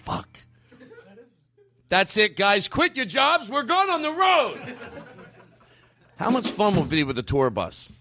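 A man hosting a comedy podcast in a studio with a live band, amped up on coffee, animated and swearing freely as he slips in and out of joke voices. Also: high voice, slow pace, pauses often, faint music behind. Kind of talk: loose comedic banter.

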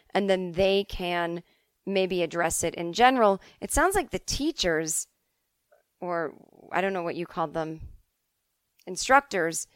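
A middle-aged woman from the Boston suburbs hosting a podcast, telling stories in a casual, animated way and swearing freely. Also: mid-range voice, dry recording, studio quality. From Boston suburbs, USA. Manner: chatty, animated, swears freely, acts out quotes. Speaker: podcast host answering listener emails. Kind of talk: casual comedic storytelling.

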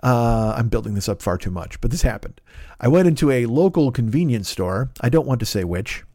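A man's voice: medium pitch, expressive, brisk, mellow. A man in the middle of his voice range tells a story on his podcast. He rambles, swears freely and pokes fun at himself. The sound is dry, with no room echo. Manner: profane, rambling, self-mocking. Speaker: podcast host. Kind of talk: casual storytelling monologue.

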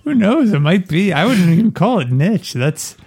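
A man's voice: high-pitched, sing-song, normal speed, gravelly, darkish tone, husky. A man co-hosting a podcast in easygoing, agreeable casual chat, chuckling now and then. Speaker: podcast co-host.

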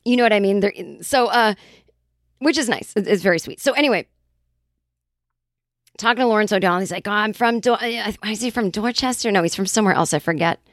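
A woman's voice: medium pitch, brisk, pauses often, dry recording, studio quality. Chatty, rambling woman podcast host. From Boston area. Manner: chatty, rambling, swears freely. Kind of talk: casual storytelling monologue.

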